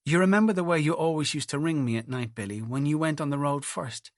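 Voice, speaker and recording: A man's voice: on the high side, fast, no echo, studio quality, pitched above the performer's own voice, close to an everyday voice. A man voicing an anxious, tearful young wife who pleads and clings, read as audiobook dialogue. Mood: pleading.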